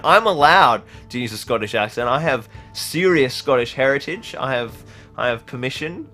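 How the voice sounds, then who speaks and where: A man's voice: mid-range voice, normal speed, bright, forceful tone, faint music behind. A young man from Australia hosting a casual livestream, reading out chat with lots of fillers and laughter. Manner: rambling, laughs often, many fillers.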